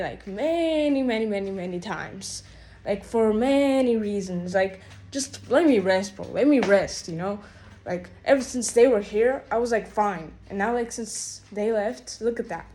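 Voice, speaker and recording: A woman's voice: mid-range voice, measured pace, a little mellow. A woman telling a rambling, exasperated storytime rant, full of "like" and "bro" fillers. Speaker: vlogger.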